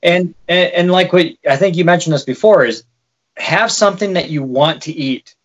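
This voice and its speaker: A man's voice: high voice, moderate pace, lo-fi sound. Man with a light Wisconsin accent. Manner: relaxed and explanatory, with frequent fillers. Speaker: podcast co-host. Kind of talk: casual chat.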